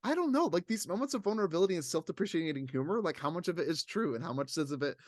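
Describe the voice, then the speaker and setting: A man's voice: on the high side, rapid-fire, dry recording, studio quality. A man co-hosting a casual chat, rambling and acting out what others said. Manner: animated, rambling, acts out others' lines. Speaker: podcast co-host.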